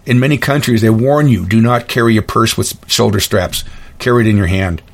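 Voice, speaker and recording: A man's voice: fairly low pitch, a little fast. A man hosting his own podcast, telling stories in a blunt, opinionated, folksy monologue. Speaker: podcast host. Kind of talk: casual monologue.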